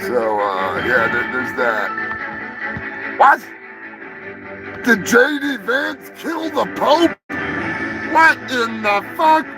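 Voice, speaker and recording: A man's voice: extremely high pitch, big pitch swings, extremely slow, long pauses, music in the background, low-quality recording. A man hosting a live show, rambling through profane, joking rants. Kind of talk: rambling live-stream monologue.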